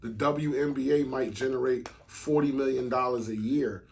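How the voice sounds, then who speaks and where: A man's voice: mid-range voice, fairly even intonation, normal speed, creaky, darkish tone, slight background noise. A man co-hosting a podcast, talking bluntly in casual chat and swearing freely. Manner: blunt, swears freely, speaks in emphatic bursts. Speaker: podcast co-host.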